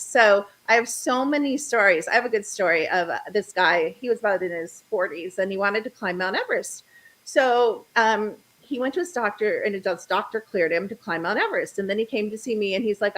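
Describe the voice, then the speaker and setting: In a low-quality recording, a middle-aged woman with a medium-pitched voice chats casually as a talk show guest. She's an animated storyteller who acts out the voices of the people she quotes.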